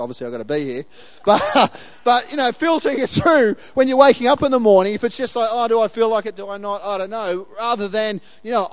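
A male pastor delivers a sermon in a very high voice, talking casually and animatedly and laughing often. He acts out the quoted lines as he goes. The sound is dry and close. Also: no echo.

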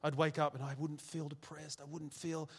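A man's voice: on the high side, little pitch movement, moderate pace, husky. A middle-aged man preaching a sermon as pastor, emphatic, repeating his phrases, with self-deprecating humor. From Australia. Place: church hall. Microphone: handheld microphone. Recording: long church-hall reverb.

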